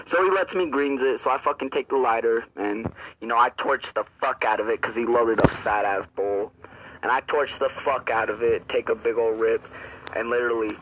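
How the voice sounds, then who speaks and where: A man's voice: mid-range voice, normal speed, noisy background. A man telling a rambling, profane story in a casual storytime vlog, full of fillers. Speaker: storyteller vlogger.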